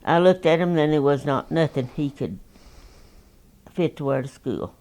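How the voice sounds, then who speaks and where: A woman's voice: sits low, expressive, normal speed, mellow. Old texas lady in her 90s, folksy and rambling, plain talk, telling stories from way back. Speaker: interviewee. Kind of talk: oral history storytelling.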